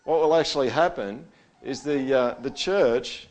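Casual male pastor, middle-aged, preaches like a chat, punchy emphasis then drops low. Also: a little slow. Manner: conversational, keeps asking "all right?", voice swings loud and soft. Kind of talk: sermon.

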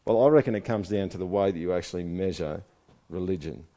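A man's voice: deep voice, fast, warm tone. A man preaching a sermon in a conversational way, asking his listeners one rhetorical question after another. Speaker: pastor.

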